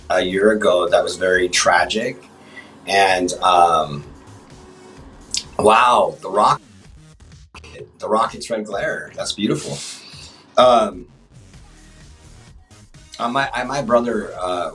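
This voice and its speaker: A man with a deep voice chats as a guest on a livestream show. He trips over his words and restarts a lot. He sounds a bit away from the mic, and faint music plays under him. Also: a bit bright, distant mic, rough recording. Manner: halting, many restarts and fillers. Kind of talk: casual interview chat. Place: livestream app chat.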